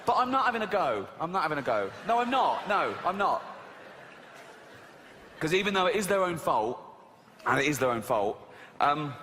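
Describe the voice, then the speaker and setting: A man performs stand-up on a big live stage, his voice high and bouncing all over as he rants and slips into mocking voices. The hall adds a long tail of reverb, with faint room noise under it. The audience laughs along. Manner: animated ranting, mimicking silly voices. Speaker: stand-up comedian. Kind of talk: stand-up routine. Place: live stage in a large venue.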